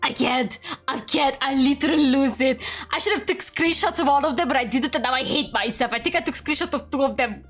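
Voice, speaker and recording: A woman streamer reacting live to a game, excitable, squealing and screaming with delight. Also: high-pitched, brisk, soft background music. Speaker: VTuber streamer.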